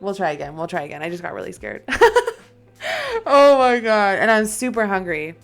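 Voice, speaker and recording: A woman's voice: medium pitch, lively intonation, quick pace, creaky, faint music behind. A young woman streaming a horror game, talking casually into a desk microphone, nervous and often dropping to frightened whispers. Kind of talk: casual gaming live stream chat.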